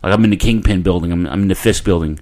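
A man's voice: sits low, very fast, a little mellow. Rambling, profane New man. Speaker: podcast host. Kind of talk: casual podcast chat.

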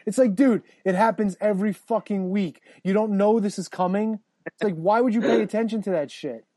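A man hosting a casual podcast, swearing freely and rambling excitedly while reading out listener comments. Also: high voice, brisk, dry recording. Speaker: podcast host. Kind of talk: casual chat.

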